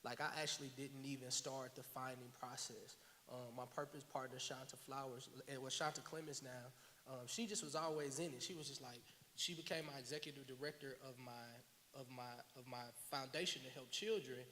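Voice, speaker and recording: A man, a filmmaker guest, telling his story in an animated, slangy and earnest way on a panel at a live event. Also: medium pitch, fairly quick. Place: large hall at a live event. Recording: reverberant hall, faint hiss.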